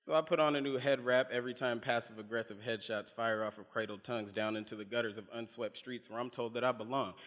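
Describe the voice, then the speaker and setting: A man reading spoken word poetry at a live event, with a pointed, measured delivery of long lines. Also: medium pitch, steady tone, fairly bright tone. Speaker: poet. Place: live reading in a museum venue. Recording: long reverb of a large hall.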